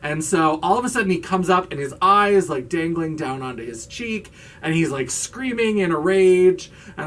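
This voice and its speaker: A man's voice: sits high, very animated, normal speed, fairly bright tone, distant mic. A man who hosts a video channel as a drag queen recaps a horror movie in a casual, sarcastic way, with lots of "like". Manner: chatty and sarcastic, with filler "like".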